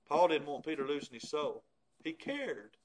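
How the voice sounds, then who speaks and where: A man with a high-pitched voice delivers a sermon. He preaches with emphatic force, slowing and pressing hard on the scripture he reads. His pleading builds through the passage. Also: big pitch swings.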